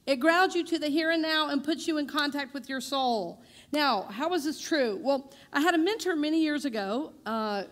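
A woman minister giving a chatty, conversational sermon in a church, joking with her congregation. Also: sits high. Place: church sanctuary.

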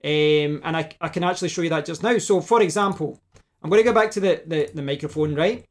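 A fast-talking man with a fairly high voice hosts a casual tech tutorial from his home desk. Demonstrating gear hands-on, he thinks aloud and keeps restarting his sentences, using a desk microphone and switching between mics.

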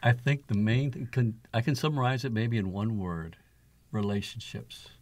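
A man's voice: medium pitch, normal speed. A man speaking as an interview guest, an author and father sharing his experiences in an earnest, reflective way. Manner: earnest, reflective, with soft laughs. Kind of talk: conversational interview storytelling.

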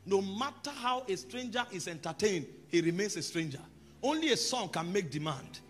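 Over gentle background music, a preacher moves at normal speed between quiet instruction and forceful, loud proclamations. His voice has a husky brightness and jumps widely in pitch.

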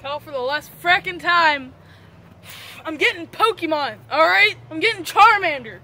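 A performer playing a frantic, hot-tempered young man obsessed with a phone game, yelling in shrill, whiny outbursts in an amateur comedy skit. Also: animated, moderate pace, slight background noise, full character voice.

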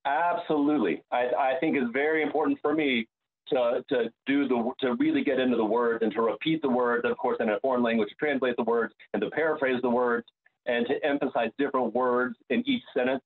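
A man, an opera bass, talking reflectively in an interview and often restarting his sentences. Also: fairly quick. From United States. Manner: searching, restarts sentences, many fillers. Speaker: opera bass singer, guest. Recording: tinny phone-like line.

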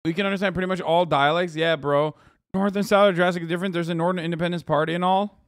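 A man streaming, reacting to videos in casual, profane, animated chat. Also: sits high, very fast, dry recording, studio quality.

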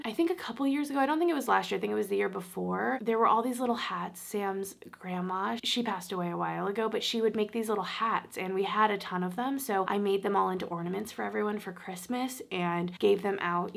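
Tearful and on the verge of crying, a young woman who makes beauty videos unloads her frustrations from inside her home, her talk full of "like." She speaks briskly in a gravelly, medium-pitched voice.

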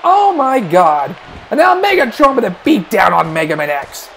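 A man calling wrestling play-by-play, excitable and breaking into shouts at big moves. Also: high voice, normal speed, gravelly, slight background noise, poor audio. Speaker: play-by-play commentator.

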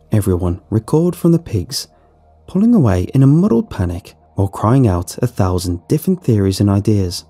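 A man narrating a horror story in a scripted, expressive storytelling way. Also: fairly low pitch, moderate pace, breathy edge. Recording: soft music behind the voice.

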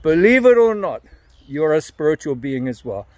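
A man's voice: fairly high pitch, big pitch swings, moderate pace, no room sound. An older man giving an earnest, emphatic evangelistic message to camera, often repeating his phrases.

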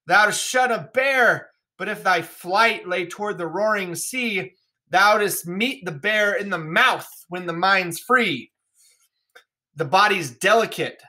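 A woman reading the part of an old king going mad, in slow, grand, anguished verse. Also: mid-range voice, bright, forceful tone. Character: old male king sliding into madness.

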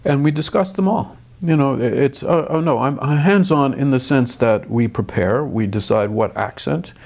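A man's voice: medium pitch, normal speed, vocal fry, a little mellow. An older man, a film director, talking thoughtfully in an interview with frequent restarts. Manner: thoughtful, restarts often, dry chuckles. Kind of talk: interview conversation.

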